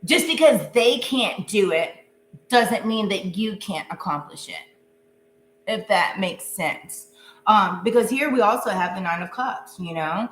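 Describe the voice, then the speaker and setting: A woman's voice: mid-range voice, lively intonation, measured pace, a bit bright. A woman giving a casual live tarot reading, chatty and goofy, laughing often. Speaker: tarot reader. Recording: echoey room with faint hum.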